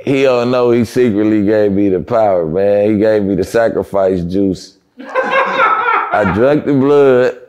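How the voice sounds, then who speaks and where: A man's voice: fairly low pitch, a little slow. A man as an interview guest, telling a story casually, swearing a lot and laughing through it. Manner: animated storyteller, profane, often laughing.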